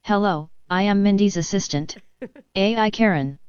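A synthetic woman's voice playing a robotic AI assistant that complains on a prank call, flat and insistent. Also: mid-range voice, moderate pace, smooth, dry recording, muffled recording, natural voice. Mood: demanding. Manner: flat, literal, insistent questioning. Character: robotic female AI complainer, persistent and demanding.

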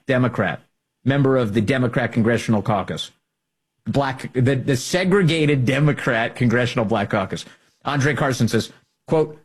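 A man's voice: mid-range voice, slightly rough. A man hosting a political opinion monologue, combative and sarcastic. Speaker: political commentary host.

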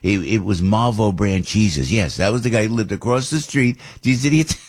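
Husky older radio host. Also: male voice, moderate pace. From New Jersey. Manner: animated, with big jumps up in pitch; rambling and nostalgic. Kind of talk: talk radio monologue.

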